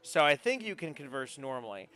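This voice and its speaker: A man's voice: medium pitch, big pitch swings, brisk, sharp tone, faint music behind. A man running a tabletop role-playing game as game master, describing scenes to the players.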